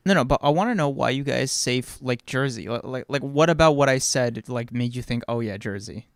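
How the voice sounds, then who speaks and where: A man's voice: mid-range voice, fairly quick, dry recording, clean studio sound. A man co-hosting a podcast, chatting casually with a lot of swearing and stammered repeats. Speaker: podcast co-host. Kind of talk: casual chat reacting to live chat.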